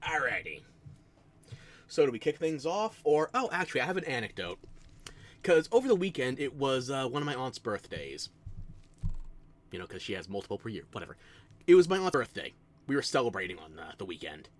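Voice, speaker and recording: An American man with a New Jersey accent rambles through casual stream chat, his pitch swinging up and down in a lively way. He tells self-mocking stories into a desk microphone and keeps breaking into laughs. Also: fairly quick, long pauses. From United States.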